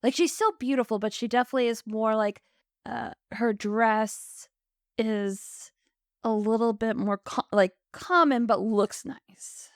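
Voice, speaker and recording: A woman co-hosting a podcast, chatty and animated, who keeps slipping into quoted lines as she recaps. Her voice has a gravelly fry at the bottom. She is recorded close and dry, with no room sound. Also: fairly high pitch, unhurried, no room sound. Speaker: podcast co-host. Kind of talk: casual chat recapping an episode.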